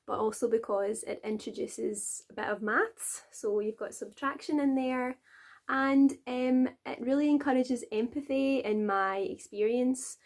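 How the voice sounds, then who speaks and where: A woman with a Glaswegian accent and a somewhat high voice talks adults through a nursery rhyme. She is a nursery teacher, and her tone is chatty and encouraging. She laughs easily and takes her time between phrases. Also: steady tone, measured pace. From Scotland. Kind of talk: friendly tutorial for adults.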